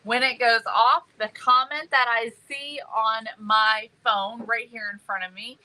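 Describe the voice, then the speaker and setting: A woman's voice: on the high side, steady tone, a little slow, pushed and bright, poor audio. A woman hosting a craft live stream, bubbly and chatty, greeting viewers by name. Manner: bubbly and chatty, many ums. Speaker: livestream host.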